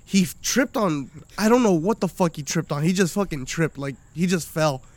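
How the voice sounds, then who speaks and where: A man's voice: a little high, expressive, moderate pace, a little mellow, no echo. A young man, a podcast guest, telling profane rambling stories in casual chat and laughing often.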